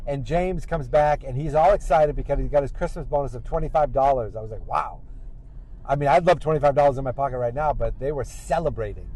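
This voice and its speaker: A man's voice: medium pitch, fairly quick, dark tone, rough recording. A man hosting a podcast, chatting casually while driving and recapping an episode in a rambling way. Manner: rambling, acts out quotes in raised voices. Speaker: podcast host. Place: car.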